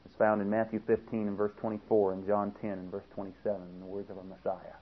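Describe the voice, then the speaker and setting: A man delivering an emphatic radio sermon, reading passages aloud and swinging between loud stress and quiet asides. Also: fairly low pitch, monotone, fast, slight background noise. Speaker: preacher. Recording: tinny lo-fi radio broadcast.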